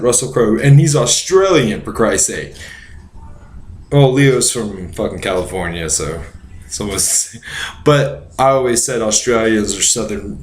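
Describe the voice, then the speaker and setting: A drunk man hosting a casual movie chat, rambling and profane, going off on tangents. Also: on the low side. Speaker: podcast host. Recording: roomy echo.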